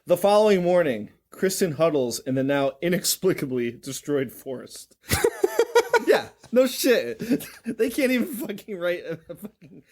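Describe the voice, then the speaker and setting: Male co-host, higher voice, animated intonation, sarcastic and wry. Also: a little slow. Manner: wry and sarcastic, swears, laughs often. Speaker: podcast co-host. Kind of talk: casual chat reviewing a horror movie.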